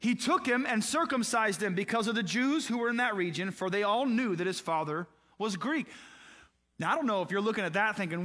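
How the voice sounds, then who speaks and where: A pastor delivers a conversational sermon, posing questions to his listeners and acting out brief exchanges between people in the story. His high voice is expressive, pushed and bright, and he talks fairly quickly.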